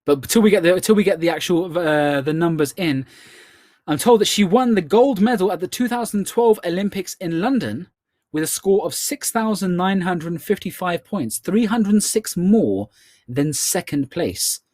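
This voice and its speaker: Chatty Scottish quiz host, man, a little high-pitched, close and dry. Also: lively intonation, darkish tone, no echo. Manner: chatty, repeats questions slowly. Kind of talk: online charity quiz hosting.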